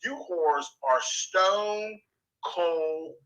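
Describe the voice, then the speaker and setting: A man's voice: sits high, a bit bright, poor audio. A man ranting on a livestream, taunting and cursing as he draws out each insult. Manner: taunting, profane, drawn-out insults. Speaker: YouTuber in a played clip. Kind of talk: livestream rant.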